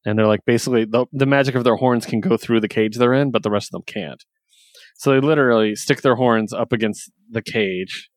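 A man casually recapping a story, chatty and laughing often, quoting characters in quick voices. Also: mid-range voice, dry recording, clean studio sound. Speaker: comic book reviewer. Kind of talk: casual chat.

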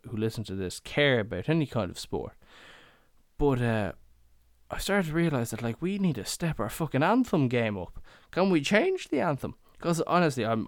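Tipsy young Irish male podcast host, rambling and swearing, smooth lively voice, dry close sound. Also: medium pitch, no echo. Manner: rambling, swearing, chatty storytelling. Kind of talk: rambling casual monologue.

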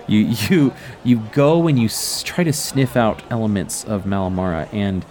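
A man running a tabletop game as game master, narrating scenes in a drawn-out, descriptive way with chuckles. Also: on the low side, lively intonation, a little mellow.

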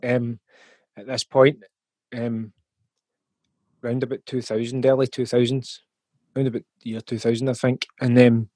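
A Scottish man talks as a guest in a relaxed interview, picking his words with many ums and small restarts. His voice sits at a middle pitch. The sound is dry, with no room around it. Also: unhurried, long pauses, dry recording. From Scotland. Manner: thoughtful, with frequent ums and restarts. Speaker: musician guest. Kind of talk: casual interview talk.

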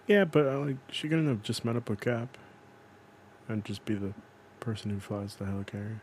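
A young man co-hosting a casual podcast chat, excitable and swearing as he defends his picks. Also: on the low side, normal speed, slight background noise. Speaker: podcast co-host. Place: lives in New York.

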